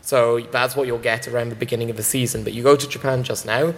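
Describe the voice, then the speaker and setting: A man's voice: mid-range voice, fairly even intonation, fast talker. A man speaking on a convention panel, enthusiastic and rambling with many fillers. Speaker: anime distributor panelist. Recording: long hall reverb.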